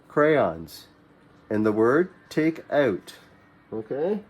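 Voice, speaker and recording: A man teaching a classroom English lesson to young learners, repeating simple commands slowly for them to echo. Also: mid-range voice, sing-song, darkish tone. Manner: slow, repeats phrases for students to echo; mimics classroom commands in a raised voice.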